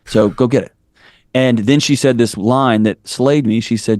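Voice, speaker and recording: A man's voice: medium pitch, unhurried, a little mellow, dry recording, studio quality. A man in his forties, a podcast guest, talking candidly and bluntly, building his points up with preacher-like fervor. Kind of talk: candid interview storytelling.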